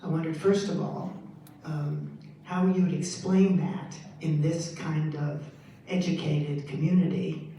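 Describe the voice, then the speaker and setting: An audience member asking a curious, soft-spoken question during a lecture Q&A. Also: medium pitch, steady tone, measured pace, a little hiss or hum. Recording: echoey hall, voice from far off.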